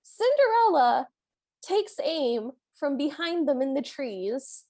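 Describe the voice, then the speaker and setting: High-voiced woman recapping a film. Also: sing-song, takes it slowly, a little mellow. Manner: retells the plot step by step, quoting lines. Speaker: podcast co-host. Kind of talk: casual film recap chat.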